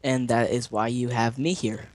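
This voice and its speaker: Guy answering quick questions about his map, mid voice, dry sound. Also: medium pitch, steady tone, darkish tone, no echo, soft background music. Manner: short, helpful answers. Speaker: guest map maker. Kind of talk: casual game chat.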